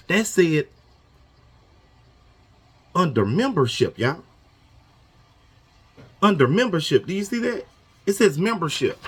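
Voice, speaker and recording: A man with a high, bright voice that swings widely in pitch, talking straight to camera for union members. He is emphatic and repetitive, hammering each point and checking in with a questioning "okay?" as he goes. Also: big pitch swings, unhurried, long pauses, breathy edge. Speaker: union organizer addressing members. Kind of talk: casual talking-head video lesson. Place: Houston area.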